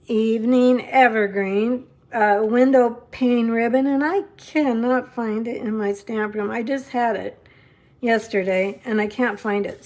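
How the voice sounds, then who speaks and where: A woman's voice: on the high side, darkish tone. A middle-aged woman chatting through a live papercraft demonstration, rambling and openly thankful to her viewers. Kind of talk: live-stream craft demo chat.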